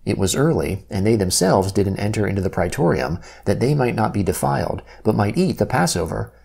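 Man, low gravelly voice, husky, lively intonation, measured scripture reading. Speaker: Bible reader.

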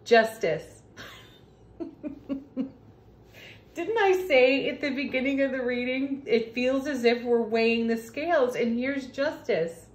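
A woman reading tarot cards in a casual, gushing way, laughing often. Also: sits high. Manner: slow, warm-hearted, laughs often, gushing about the cards. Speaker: tarot reader. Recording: echoey room.

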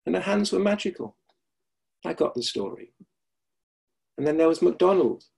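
A middle-aged man with a gravelly, slightly husky voice teaches over a video call. He speaks reflectively and often repeats a key phrase for emphasis. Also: on the high side, expressive, moderate pace, a little mellow. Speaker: Alexander Technique teacher. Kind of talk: webinar lecture with anecdotes.

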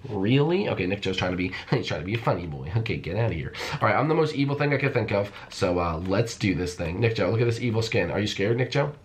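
A young man giving excited, playful commentary on a Minecraft game, repeating phrases and calling the viewers folks. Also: lowish voice, quick pace, hardly any pauses, a little hiss or hum. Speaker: gaming YouTuber.

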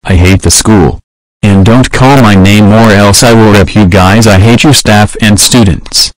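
A man voicing a hot-tempered male cartoon horse who hurls insults and threats in short, flat sentences. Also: lowish voice, unhurried, dry recording, lightly acted. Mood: furious.

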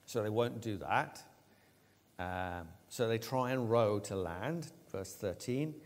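A man preaching a sermon, retelling a story with lively, acted-out voices for the characters. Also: on the low side, slow. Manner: animated storytelling, acting out quoted lines. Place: church. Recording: long church reverb.

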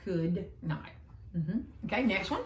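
A patient woman teacher guides a student through phonics, speaking slowly and clearly and offering steady encouragement. Her voice sits at an ordinary pitch for a woman. The room around her rings with noticeable echo. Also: slight background noise. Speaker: reading teacher. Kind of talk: one-on-one phonics tutoring. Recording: echoey room.

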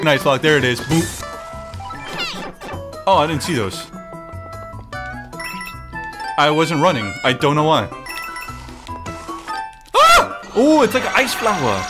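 A man giving excitable, joking let's-play commentary, swearing often and talking to the game as he plays. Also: fairly high pitch. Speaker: gaming streamer. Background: game music.

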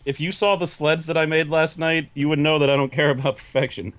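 A young man trades dry, deadpan quips while playing a game with friends. A faint hiss sits under his voice. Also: on the high side, brisk. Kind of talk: casual gaming chat.

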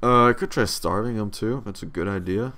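A man's voice: fairly low pitch, fairly quick, pushed and bright. A young man giving casual gameplay commentary, profane, sarcastic and tired, grumbling at the game. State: yawning, tired. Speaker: let's play commentator.

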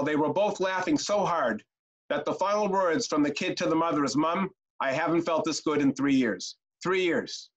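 A middle-aged man leading a training webinar, telling stories and chanting short rhymes with lots of energy. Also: on the high side. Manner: animated, chanting rhymes, storytelling. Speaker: youth care trainer. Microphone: video call. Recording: dull lo-fi webinar audio.

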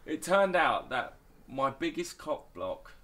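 A man, a dating coach telling animated stories in a casual podcast chat. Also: fairly high pitch, slow, a little hiss or hum. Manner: animated anecdotes with acted-out quotes.

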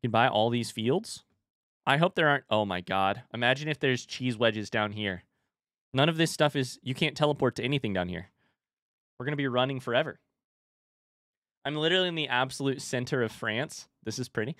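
A man's voice: mid-range voice, expressive, fairly quick, fairly bright tone, no echo, studio quality. A young man chatting casually with his live chat while playing a farming game, swearing now and then. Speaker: streamer. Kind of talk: casual live-stream gaming commentary.

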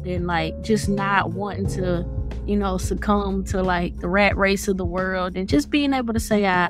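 A woman with a Southern US accent, reflecting in an easygoing, folksy way. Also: medium pitch. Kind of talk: casual reflection. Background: guitar music.

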